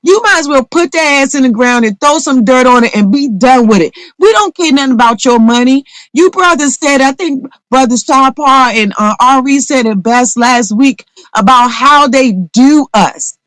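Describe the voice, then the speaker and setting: A woman's voice: sits high, expressive, moderate pace, hardly any pauses, fairly bright tone, dry recording, rough recording. A woman venting in a live audio discussion, heated and profane, repeating phrases for emphasis. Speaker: audience member in a live audio room. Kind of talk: impassioned call-in venting.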